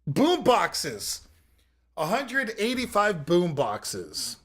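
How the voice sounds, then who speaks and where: A man runs a live improv game over a video call. His voice sits high and swings widely, upbeat as he sets up each round and cheers the jokes. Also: wildly swooping pitch, extremely slow, a bit bright, slightly rough. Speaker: improv show host.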